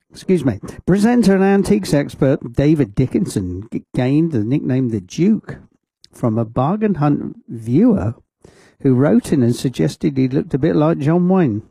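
Gravelly, lively-voiced male radio presenter. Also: fairly high pitch, measured pace, dry recording. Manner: rambling, chatty asides. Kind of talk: casual radio chat. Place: radio studio.

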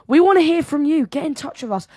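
Lively, bubbly woman radio host. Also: high voice, quick pace, no room sound, studio quality. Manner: bubbly, teasing, upbeat presenter patter. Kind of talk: breakfast radio chat.

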